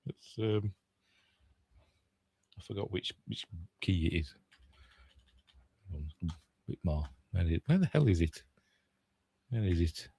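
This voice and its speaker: Older yorkshire bloke chatting on his podcast, grumbly, lowish voice, dry close sound. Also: animated, slow, creaky, pauses often, dark tone, husky, dry recording. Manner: chatty, grumbling, self-mocking asides. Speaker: podcast host. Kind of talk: casual trailer reaction chat.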